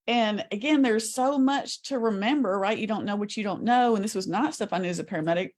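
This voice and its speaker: A woman guest on an interview show, telling a story in an earnest, animated way. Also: medium pitch, brisk. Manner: animated storyteller, earnest, talks with shifting speed.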